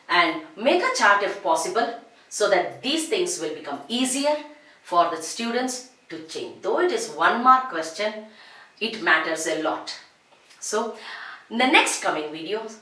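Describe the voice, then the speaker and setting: A woman teacher talks through a grammar lesson at an unhurried pace. Her voice rises and falls widely as she stretches out each example. The sound carries a noticeable room echo. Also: medium pitch, sharp tone. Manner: slow, drawn-out phrases, repeats each example form. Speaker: English teacher. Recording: echoey room.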